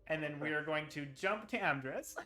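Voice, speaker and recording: A man's voice: fairly high pitch, animated, fast talker, music in the background. A man narrating as game master, laughing often and filling his description with ums and likes. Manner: laughing, filler-heavy narration.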